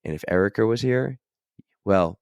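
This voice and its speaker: A man hosting a casual podcast intro, hoarse and losing his voice, chatty and jokey. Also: fairly low pitch, animated, moderate pace, a little mellow, dry recording, studio quality. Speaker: podcast host.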